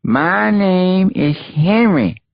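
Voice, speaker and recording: A male narrator voicing a very old, toothless woman with a whistly lisp, speaking slowly and patiently. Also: high voice, creaky, dry recording, lo-fi sound, voice pushed up, exaggerated voice. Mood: coaxing. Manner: slow, coaxing and patient. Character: ancient, toothless, stooped old woman, gentle caretaker. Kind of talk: audiobook character voice.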